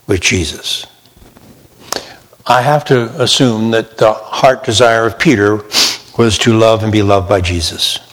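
A man's voice: on the low side, fairly bright tone. A man preaching a sermon with emphasis, slipping into mocking imitations of sinners. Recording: long hall reverb.

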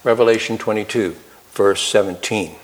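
A man preaching a sermon in an earnest storytelling manner, slowing down to stress key words. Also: on the low side. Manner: earnest, storytelling, slows for emphasis.

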